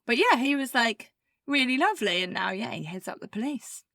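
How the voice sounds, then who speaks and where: A woman's voice: a little high, big pitch swings, brisk, vocal fry, sharp tone, no echo. Chatty woman cohost rambling through a story, says like a lot, dry close mic. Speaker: podcast co-host. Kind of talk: casual chat. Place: living in Bermuda as an expat.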